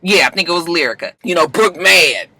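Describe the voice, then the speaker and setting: A vlogger recapping a reality TV episode in a casual, animated way, full of cursing and sassy asides. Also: mid-range voice, a little fast.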